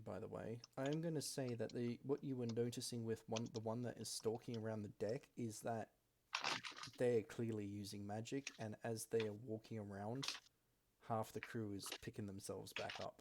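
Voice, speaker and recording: A man acting as game master, calmly explaining the action of a tabletop game to his players. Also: lowish voice, normal speed, noisy background.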